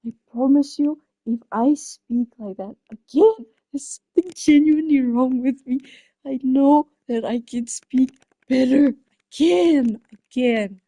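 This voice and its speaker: A young woman with a high, breathy voice talks slowly in an unhurried casual chat. She sounds flustered and embarrassed, restarting her sentences as she rambles. The sound is close and dry. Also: warm tone, no room sound.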